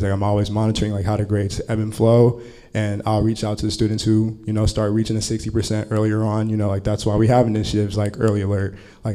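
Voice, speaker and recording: Man with a mellow voice, telling a story. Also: lowish voice. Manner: casual, heavy use of filler "like". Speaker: college counseling instructor. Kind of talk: storytelling at a panel talk.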